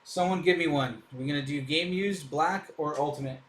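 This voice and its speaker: A man's voice: a little high, normal speed, noisy background. A man hosting a live card break, chatting in an upbeat way as he opens packs and thinks aloud. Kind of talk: casual live commentary while opening packs.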